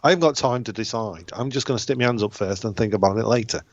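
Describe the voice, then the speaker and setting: A man hosts a loose comedy podcast, rambling through jokes and swearing casually. His voice sits at an ordinary pitch and comes through slightly dull and lo-fi. The sound is dry and close. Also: quick pace, no echo.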